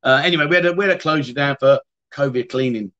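A man's voice: mid-range voice, fast, a bit bright, highs cut off. A middle-aged man hosting a casual livestream, rambling and chatting as he answers viewers' comments. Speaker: livestream host. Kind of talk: casual live-stream chat.

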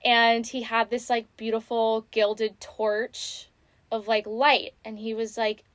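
A chatty woman in her twenties hosts a podcast, her voice high and bright in pitch. She tells her story casually, full of "like" and "you know", and the sound is dry and close. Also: moderate pace, dry recording. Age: 20s. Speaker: podcast host. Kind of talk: casual chat.

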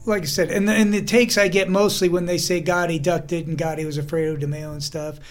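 Animated man telling mob stories. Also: on the high side, fast talker, faint music behind. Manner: animated storyteller, acts out quoted voices, laughs often. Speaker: podcast host. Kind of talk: casual chat.

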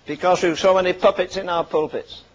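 A man's voice: high-pitched, fairly even intonation, a little fast, highs cut off. An older man preaching a fervent sermon, firing punchy rhetorical questions and dropping dry asides between warnings.

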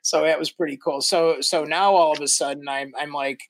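Older midwest guy on a podcast, kinda high voice, telling stories all animated, dry close sound. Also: brisk, dry recording. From Midwestern United States. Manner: animated, laughs through stories, acts out quotes. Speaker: podcast guest. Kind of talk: casual storytelling.

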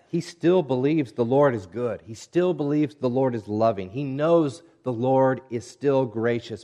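A man preaching a sermon, reading scripture and speaking in a measured, earnest way that drops to hushed tones at times. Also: mid-range voice. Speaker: pastor.

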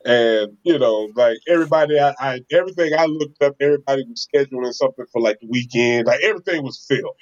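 A man tells a casual, animated story to his co-hosts, often laughing and acting out what people said. His voice sits in an ordinary middle pitch. The recording is slightly dull and lo-fi. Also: fast talker, hardly any pauses.

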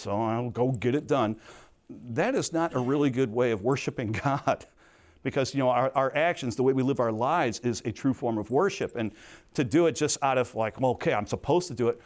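Male Bible teacher, middle-aged, earnest storytelling sermon voice, mid pitch. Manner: earnest storytelling, swings between soft and emphatic.

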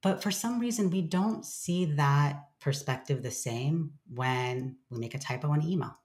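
Woman, extremely low pitch, interview guest, candid, reflective, casual swearing, quotes her own self-talk. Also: unhurried, a little mellow. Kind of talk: candid conversational sharing.

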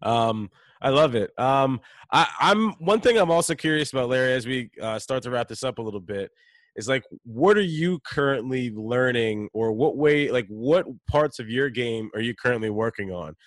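A man's voice: mid-range voice, expressive, moderate pace, dry recording, clean studio sound. A man co-hosting a podcast, upbeat and talkative, often restarting his sentences. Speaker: co-host. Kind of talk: casual podcast conversation.

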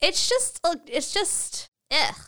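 A woman's voice: very high-pitched, sing-song, slow pace, background noise. A woman co-hosting a podcast, chatting casually through a TV episode recap, laughing often and acting out characters' lines. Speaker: podcast co-host.

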